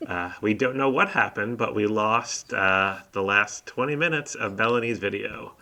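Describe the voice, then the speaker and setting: Gravelly bright-toned man co-host. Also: fairly low pitch, normal speed, poor audio. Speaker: podcast co-host. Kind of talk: casual chat recapping an episode. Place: home, on a video call.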